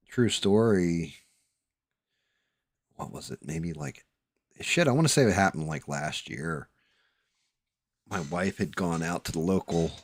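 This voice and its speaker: Male host, very low voice, salty casual storyteller, dry mic. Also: dry recording. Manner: profane storytelling, drawling. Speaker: streamer host. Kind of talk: casual chat.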